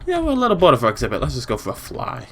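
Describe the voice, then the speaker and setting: A man's voice: mid-range voice, wildly swooping pitch, very fast, fairly bright tone, a little hiss or hum, voice pushed up. A British man doing bored dinosaur flyers. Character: bored flying reptiles in a game.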